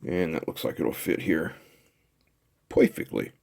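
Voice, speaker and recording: A man's voice: rumbling low, animated, unhurried, vocal fry, a little mellow. A middle-aged man casually talking through a kit build as he solders, chatty and thinking aloud. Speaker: electronics hobbyist host.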